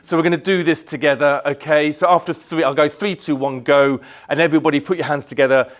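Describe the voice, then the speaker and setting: A man's voice: a little high, fairly quick, hardly any pauses. A man giving a live motivational talk, energetically leading the crowd in chants and telling his story. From Yorkshire, England. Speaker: motivational speaker. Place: indoor event hall, live audience.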